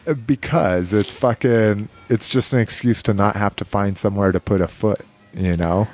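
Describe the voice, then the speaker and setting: A man hosting a podcast in casual chat, excited and joking, swearing freely. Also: lowish voice, moderate pace, faint music behind. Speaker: podcast host.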